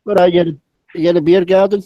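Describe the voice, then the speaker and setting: A man's voice: sits high, steady tone, brisk, no echo, dull audio. A man hosting a casual chat, giving short replies and dry remarks. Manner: brief responses and dry remarks. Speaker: host.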